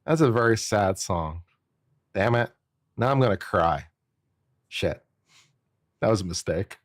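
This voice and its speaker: A man's voice: lowish voice, expressive, unhurried, no echo, clean studio sound. A man, an attorney, giving casual and jokey live-stream commentary, musing aloud and often repeating himself.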